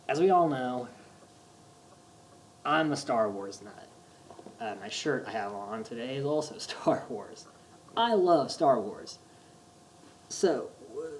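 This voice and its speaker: A man casually reviewing movies on his vlog, talking like an excitable, gushing fan with lots of rambling restarts. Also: mid-range voice, slight background noise.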